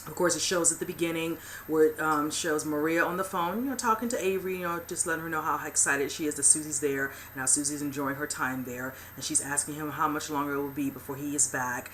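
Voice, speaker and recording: This TV recap host speaks fast and steadily in a deep, slightly bright voice, barely pausing. Her casual episode retelling wanders, stuffed with "you know" and "whichever" fillers, over a light hiss or hum.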